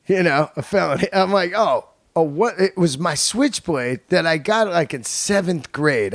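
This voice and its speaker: A man's voice: sits high, vocal fry, dry recording. Comedian host in his fifties, cursing casually, telling stories, bone-dry mic. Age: 50s. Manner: loose, profane, joking storyteller. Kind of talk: casual podcast monologue.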